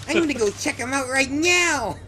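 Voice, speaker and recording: A man's voice: lively intonation, moderate pace, pushed and bright, faint music behind, exaggerated voice. A man putting on the voice of an overexcited, eager viewer who gushes with exaggerated enthusiasm. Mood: gushing. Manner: high, gushing, exaggerated enthusiasm.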